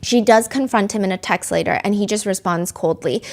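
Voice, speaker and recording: A woman's voice: medium pitch, fairly quick, few pauses. A woman hosting a true crime show, earnestly retelling court testimony and reading text messages aloud. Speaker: host.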